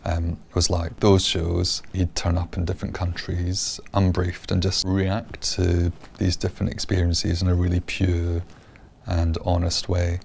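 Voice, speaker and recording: Man, very deep, monotone, gravelly, measured behind-the-scenes explanation, faint ambience. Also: a little hiss or hum. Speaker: producer of the show. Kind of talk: explanatory interview.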